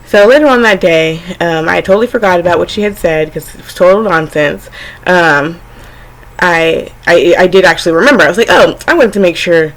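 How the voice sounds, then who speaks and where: Chatty woman with a lowish voice. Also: a little fast, fairly bright tone, rough recording. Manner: rambling, filler-heavy, frank and chatty; acts out her younger self and family in quotes. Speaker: vlogger. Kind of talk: casual personal storytelling to camera.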